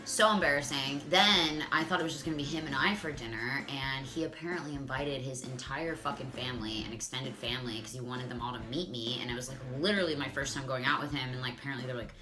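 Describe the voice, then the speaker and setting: Profane, animated woman telling a story. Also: sits low. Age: 30s. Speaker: vlogger. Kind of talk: comedic storytime monologue.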